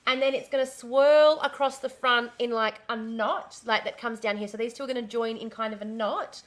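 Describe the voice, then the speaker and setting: A woman's voice: on the high side, fairly even intonation, moderate pace. A woman live-streaming casually from home, talking in a chatty, easily distracted way, swearing and restarting her sentences.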